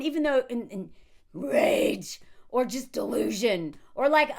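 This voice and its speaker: A woman hosting a casual commentary video, talking in an animated way, laughing often and acting out what others said. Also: on the high side, slow pace. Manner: animated, frequent laughs, acts out quotes in character voices.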